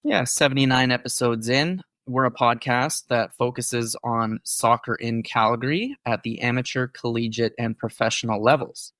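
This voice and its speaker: A man co-hosts a podcast and lays out each topic in an informative, explanatory way. He pauses on the odd filler but keeps a steady thread. His voice is close and completely dry. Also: medium pitch, no echo. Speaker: podcast co-host. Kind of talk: casual podcast chat.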